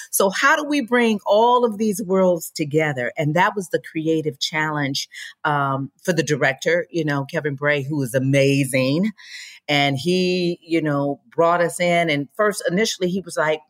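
A woman actress talking casually in an interview, animated and acting out the voices she quotes. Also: low-pitched. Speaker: actress guest.

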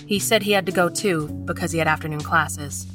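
A woman reading a first-person horror story as scripted narration, measured and tense. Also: low voice, distant mic, over music.

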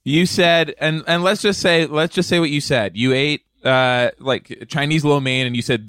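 Male co-host, smooth resonant voice, playful rambling storyteller. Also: a little high, normal speed, hardly any pauses, fairly bright tone, no echo, studio quality. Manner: playful storytelling, lots of filler words. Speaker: podcast co-host. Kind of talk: comedic podcast banter.

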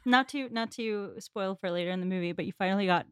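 A woman's voice: medium pitch, quick pace, a bit bright, clear, resonant tone, no room sound, studio quality. A woman guest on a podcast, chatting casually about a film with fond asides and frequent laughter. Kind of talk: casual chat.

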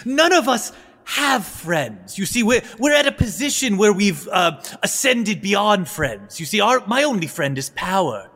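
A man's voice: high voice, big pitch swings, a little slow, sharp tone, in a large hall, voice pushed up, full character voice. A man doing a fawning old royal advisor. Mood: pleading. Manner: pleading, stammering, obsequious.

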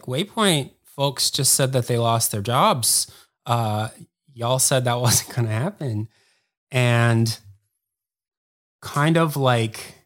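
A man's voice: medium pitch, a bit bright. A man speaking as a guest on a podcast, telling a long story in a rambling, casual way and filling it with "like". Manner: rambling, heavy use of "like", quick bursts. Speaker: podcast guest, former editor.

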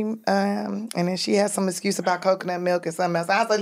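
A woman's voice: mid-range voice, steady tone, fast talker, vocal fry, few pauses. A woman in her forties, a guest comedian telling brash stories in casual podcast chat, often laughing mid-sentence. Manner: brash storytelling, laughing through lines.

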